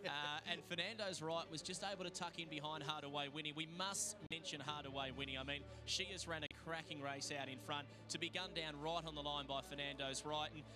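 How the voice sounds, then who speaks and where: A man's voice: on the high side, steady tone, a little fast, hardly any pauses. A man giving enthusiastic race commentary with emphatic delivery. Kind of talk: sports commentary.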